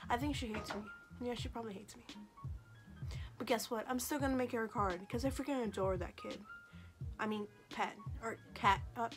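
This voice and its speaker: A woman's voice: fairly high pitch, fairly quick. A woman vlogger chatting casually to camera in a sassy, joking, self-mocking way. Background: faint background music.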